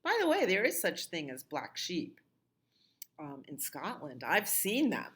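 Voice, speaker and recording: A middle-aged woman librarian reads and sings to young children at storytime. She speaks slowly and leans into each phrase with a lively sing-song voice. Her repeated calls jump high above her fairly low speaking tone. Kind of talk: children's storytime reading and songs.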